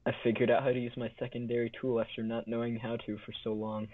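A man's voice: medium pitch, level tone, fast. A man co-hosting a podcast in goofy, rambling casual chat, restarting his sentences. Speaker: podcast co-host. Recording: tinny phone-like sound.

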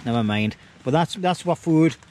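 A man's voice: a little high, lively intonation, normal speed, a little hiss or hum. A middle-aged man, chatting jokily to a handheld camera outdoors at a wild camp, using dialect slang. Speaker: vlogger on a camping trip. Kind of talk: casual outdoor chat to camera. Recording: outdoor camera audio with loud rain.

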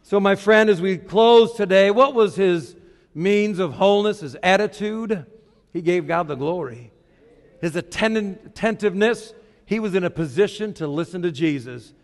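A middle-aged man preaching a sermon as a pastor, asking rhetorical questions and shifting between hushed and loud passages. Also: high-pitched, moderate pace, big-room sound.

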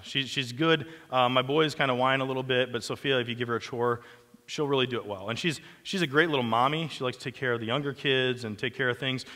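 A man's voice: mid-range voice, pushed and bright, in a large hall. A male pastor giving a sermon in a conversational way, with asides and self-corrections. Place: church sanctuary.

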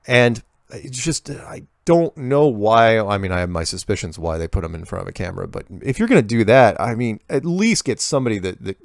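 A man's voice: sits low, creaky, no room sound, clean studio sound. A man hosting a show where he reads and answers viewer emails in a rambling, casual way, often restarting his sentences and making sarcastic asides. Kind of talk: casual monologue reading emails.

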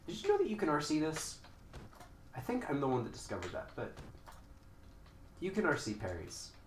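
A young man rambling and joking as he streams a game, now and then breaking into sudden loud outbursts. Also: on the high side, wildly swooping pitch, normal speed. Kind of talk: casual live-stream commentary. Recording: echoey room with faint noise.

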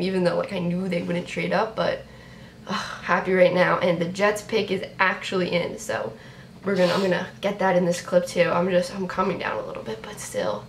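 A young woman reacting to a sports draft on her vlog, chatty and excitable, talking to her viewers. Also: mid-range voice, brisk. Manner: excitable, talks to viewers, repeats herself. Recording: roomy echo, faint background noise.

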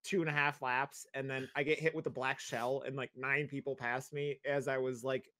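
Brief: young man, mid-pitched, dry close recording, grumbling podcast banter. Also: level tone, normal speed, bright, forceful tone, no echo. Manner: exasperated, joking complaints. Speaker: podcast co-host. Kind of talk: casual chat.

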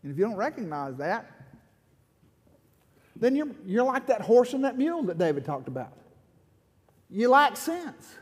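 A man's voice: high voice, very animated, moderate pace, pauses often, darkish tone, slightly rough. A middle-aged man preaching an impassioned sermon as pastor, building to fervent pleading. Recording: long hall reverb.

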